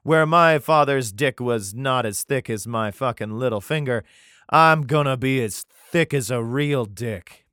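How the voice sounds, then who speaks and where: A man's voice: mid-range voice, unhurried, clear, resonant tone, no echo, clean studio sound. A man voicing a brash, arrogant young king who swears defiantly and mocks his subjects. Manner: loud, profane, mocking.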